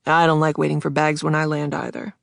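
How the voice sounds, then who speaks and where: A woman's voice: deep voice, completely flat delivery, brisk, vocal fry, no room sound, studio quality. A woman voicing a friendly, easygoing man, a fellow passenger in an audiobook.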